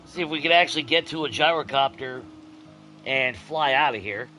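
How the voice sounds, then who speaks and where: A young adult man hosting a let's-play, chatting casually to his viewers, swearing freely and swinging between grumbling and giddy excitement. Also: medium pitch, normal speed, faint music behind. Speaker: gaming channel host.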